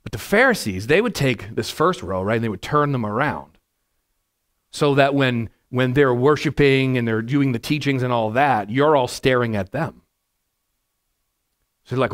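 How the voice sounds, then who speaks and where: A man, a pastor, giving a conversational verse-by-verse sermon to a congregation in a church, with a naturally loud voice and frequent "right?" asides. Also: medium pitch, animated, moderate pace. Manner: naturally loud, chatty, asks the room "right?". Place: church sanctuary before a congregation.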